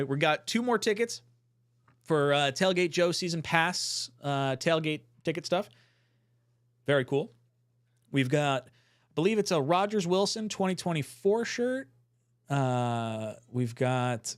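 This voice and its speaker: A man with a slightly raised voice runs a live draft-night stream. He chats easily with his co-hosts and reads viewer comments aloud in a relaxed, conversational way. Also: on the high side. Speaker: podcast host. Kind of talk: casual live-stream chat.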